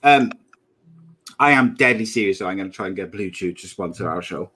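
A man's voice: sits low, expressive, brisk, bright, forceful tone, slightly rough. Man in his thirties, joking podcast co-host. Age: 30s. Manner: jokey, laughs often at his own jokes. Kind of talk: casual chat.

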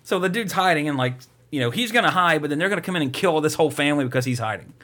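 A man's voice: fairly high pitch, lively intonation, rapid-fire, bright, forceful tone. A man casually recapping a movie plot, rambling and profane, mocking it as he goes.

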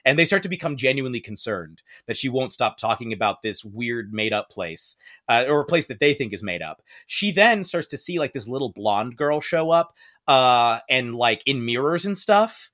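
A man hosting a podcast, telling a story in a casual chat and acting out the quoted lines in high voices. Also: sing-song, normal speed, a bit bright. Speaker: podcast host.

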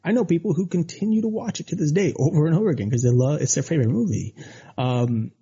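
A male radio co-host rambling through casual chat with a lively, swooping pitch and a dark, husky tone. The sound is a bit dull and lo-fi. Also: fast talker. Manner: rambling, animated, many fillers.

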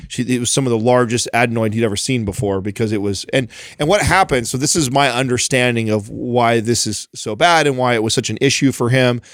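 A man in his thirties hosts a casual podcast chat. He rambles, restarts his sentences and swears casually, in a mid-pitched voice. The sound is dry and close, with no room around it. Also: fairly quick, few pauses, dry recording. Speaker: podcast host.

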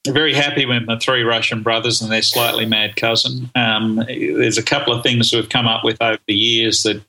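A middle-aged man guests on an interview show, talking about learning at normal speed in a medium-pitched, flat voice that sounds pushed and bright. He lays out his ideas eagerly, with many ums and restarts, and the recording is rough.

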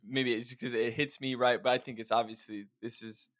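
A man's voice: medium pitch, level tone, normal speed, fairly bright tone, dry recording, clean studio sound. A man co-hosting a podcast, affirming and enthusiastic in casual chat. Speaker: podcast co-host.

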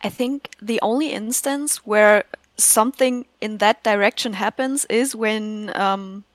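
A woman in a casual chat, talking in a thoughtful, measured way. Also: medium pitch, no room sound.

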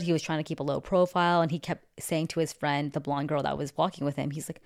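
A woman's voice: sits low, darkish tone. A young woman talking through celebrity gossip in a casual, opinionated way, full of asides and fillers. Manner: chatty, opinionated, fast asides, lots of "like". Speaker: pop culture commentator.

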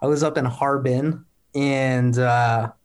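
A man's voice: medium pitch, steady tone, slow pace. A young man, a competing athlete, answering interview questions in a rambling, upbeat way full of "like" fillers.

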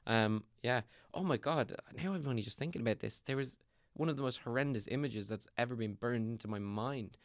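A man's voice: mid-range voice, fairly quick, hardly any pauses, dry recording. Irish guy in his twenties rambling through stories, lots of likes and ums, dead dry room. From Ireland. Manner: rambling, animated storytelling with many fillers and restarts. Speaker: actor, guest. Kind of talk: casual podcast chat.

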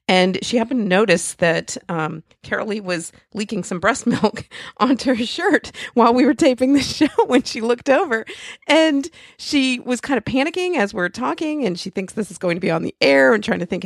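A woman in her forties hosting a podcast, chatty and quick to laugh, rambling through friendly asides. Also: mid-range voice, gravelly, dry recording, studio quality. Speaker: podcast host. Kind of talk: casual podcast chat.

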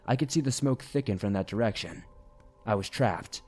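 A man reading a first-person horror story aloud in a steady, grave storytelling manner. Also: fairly low pitch, normal speed. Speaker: narrator. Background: faint music.

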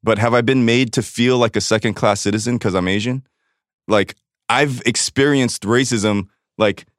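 In clean, echo-free studio audio, a Los Angeles man with a mid-range voice guests on a podcast, sharing a personal story in casual, profane, blunt talk and acting out other people's lines to him.

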